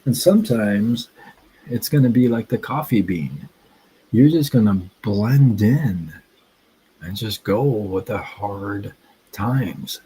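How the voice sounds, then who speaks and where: A man hosting a casual livestream, telling a story in a rambling, halting way and breaking off to greet his chat. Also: fairly low pitch, animated, dark tone, slightly rough, low-quality recording. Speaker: livestream host.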